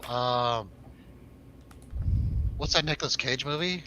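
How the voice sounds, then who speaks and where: Male co-host, bright forceful tone, laughs a lot, casual banter, faint noise behind. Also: medium pitch, slow pace, rough recording. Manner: laughs often, jokey asides to viewers. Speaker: co-host of a film review show. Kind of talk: casual chat over drinks.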